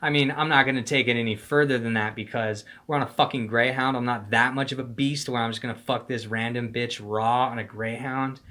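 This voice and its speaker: A man's voice: mid-range voice, fairly even intonation, a little fast, few pauses, bright, forceful tone. A young man telling a story in casual slang, rambling and profane, acting out the voices of the people he quotes. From Phoenix, Arizona. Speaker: storyteller vlogger.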